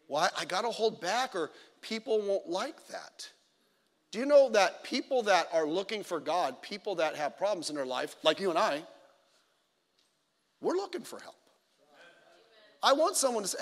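A man preaching a sermon in a church auditorium, animated and storytelling, swinging between loud exclamations and quiet asides as he acts out other people's lines. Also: high voice, moderate pace, big-room sound.

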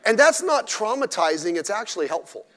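Man, pastor, blunt emphatic sermon, lively high voice, reverberant church hall. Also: brisk. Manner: emphatic, blunt, with mocking asides. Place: church during a midweek service.

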